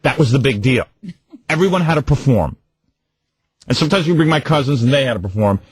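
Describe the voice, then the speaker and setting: A middle-aged man hosting a radio show in casual banter, animated and mocking, acting out his parents yelling. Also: medium pitch, fairly quick, husky, dry recording, clean studio sound. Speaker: radio host.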